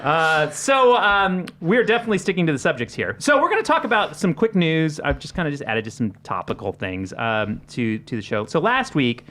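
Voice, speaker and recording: Male show host from Texas, later Minnesota. Slightly high, animated voice, rambling and self-deprecating delivery. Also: brisk, few pauses. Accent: Southern US mixed with Minnesotan. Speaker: podcast host. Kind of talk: casual panel chat.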